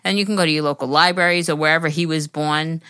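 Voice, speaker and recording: Blunt, low-voiced young woman podcast host. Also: fairly even intonation, fast talker, pushed and bright, smooth, dry recording. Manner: loose and blunt, swears freely, many fillers. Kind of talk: casual chat and reading listener letters aloud.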